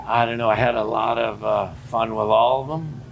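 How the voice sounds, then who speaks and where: A man's voice: fairly low pitch, moderate pace, vocal fry, dull audio, a little hiss or hum. An older man, a theme park character performer telling stories in a casual interview and acting out the dialogue. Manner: animated storyteller acting out dialogue.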